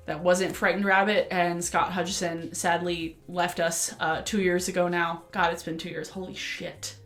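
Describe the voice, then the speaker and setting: A young woman chatting casually into her camera at home while doing her makeup, rambling and breaking into sudden excited outbursts. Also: mid-range voice. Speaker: beauty vlogger. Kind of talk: casual get-ready-with-me chat. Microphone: camera mic.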